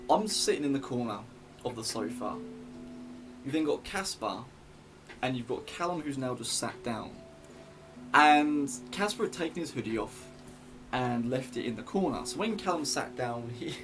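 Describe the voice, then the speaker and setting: A young man telling a story in a casual vlog, rambling and chatty with many fillers and restarts. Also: medium pitch.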